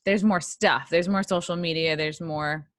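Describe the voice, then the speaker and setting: A woman's voice: sits low, fairly even intonation, normal speed, dry recording, studio quality. A young woman hosting a casual interview over a video call, asking probing questions and laughing often. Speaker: podcast host.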